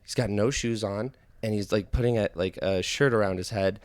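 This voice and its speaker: A man in casual podcast chat, telling stories in a profane, animated way. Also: fairly low pitch, normal speed. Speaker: podcast co-talker.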